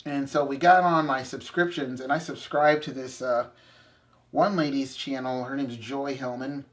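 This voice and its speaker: A young man co-hosting a faith video channel, telling a story in casual chat with animated asides and self-corrections. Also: mid-range voice, moderate pace.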